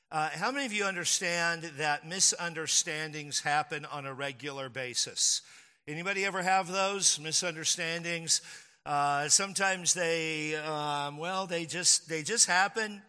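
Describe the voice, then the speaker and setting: Bright-voiced pastor in a reverberant hall. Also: male voice, on the high side, a little slow, smooth. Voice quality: conversational, storytelling with acted quotes. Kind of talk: sermon.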